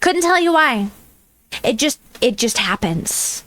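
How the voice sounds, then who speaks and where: A woman's voice: a little high, very animated, takes it slowly, pushed and bright. An American woman chatting casually on a livestream, rambling and laughing often as she answers chat from home. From United States. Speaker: VTuber streamer.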